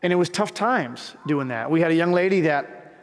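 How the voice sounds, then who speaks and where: A man's voice: a little high, lively intonation, moderate pace, in a large hall. A man preaching a sermon as pastor, telling a personal story earnestly and building to fervent emphasis.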